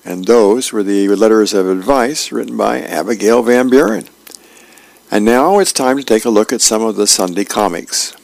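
A man with a low, gravelly voice reading newspaper comic strips aloud. His delivery is plain and unhurried, with the odd filler, and the sound is dry and close. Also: darkish tone, no echo.

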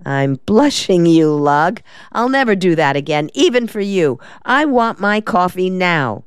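A woman's voice: fairly low pitch, sing-song, measured pace, clear, resonant tone, no room sound, studio quality. Woman reading as a sassy young secretary. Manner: drawling, sassy, wry. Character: quick-witted young female secretary, sassy. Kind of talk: audiobook reading.

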